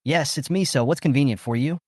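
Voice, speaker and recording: A man's voice: on the high side, a little fast, no echo, studio quality, natural voice. A man voicing an anxious, determined young woman reporter who pleads and hurries through her words. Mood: pleading.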